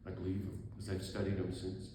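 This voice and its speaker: A man's voice: low voice, monotone, brisk, warm tone. A man in his sixties, a priest telling a story to an audience, acting out the people in it and laughing often. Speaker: Catholic priest and author speaking. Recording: very echoey hall, faint room noise.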